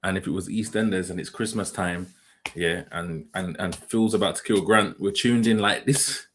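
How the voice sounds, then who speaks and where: A man's voice: low-pitched, moderate pace, a bit bright, a little hiss or hum. A young man hosting a casual reaction livestream, talking in slang, rambling and putting questions to his chat. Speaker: livestream host.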